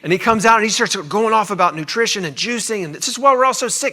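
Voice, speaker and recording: A middle-aged man telling his own story to an audience in a chatty, animated way, acting out the people he quotes. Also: high-pitched, fast talker, few pauses. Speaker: cancer survivor sharing his story.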